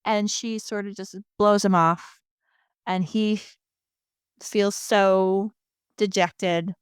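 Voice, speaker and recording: A chatty woman with a New Jersey accent recaps an episode on her podcast, sarcastic and full of asides. Her voice is smooth and clear, and the close mic sounds completely dry. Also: mid-range voice, steady tone, takes it slowly, no room sound. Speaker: podcast host. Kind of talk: casual episode recap chat.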